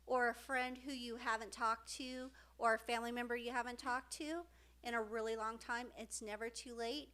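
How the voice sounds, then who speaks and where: In a heartfelt, casual podcast conversation, the middle-aged co-host speaks in a fairly high voice. Emotion shows as she halts, restarts frequently, and drops in quiet fillers.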